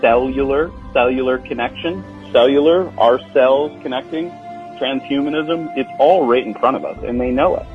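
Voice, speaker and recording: A man's voice: medium pitch, moderate pace. A man on a podcast lecturing about hidden meanings, building chains of wordplay and asking rhetorical questions. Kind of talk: podcast conversation. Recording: dull lo-fi audio with faint music.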